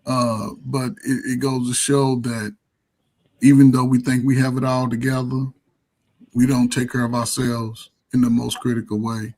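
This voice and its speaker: A man's voice: medium pitch, little pitch movement, normal speed, darkish tone, low-quality recording. Rambling conversational male panel host. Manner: conversational, rambling with frequent restarts. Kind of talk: casual chat.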